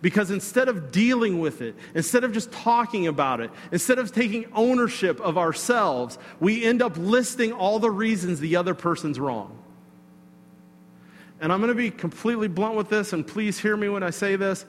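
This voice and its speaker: A man preaching a sermon, telling a personal story in a conversational, animated way with asides to the congregation. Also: sits high, moderate pace, big-room sound. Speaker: pastor.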